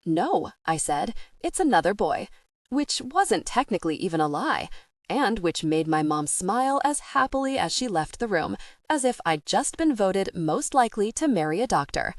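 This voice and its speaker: A woman's voice: mid-range voice, big pitch swings, normal speed, no room sound, clean studio sound. A woman narrating a first-person audiobook in a wry, conversational way.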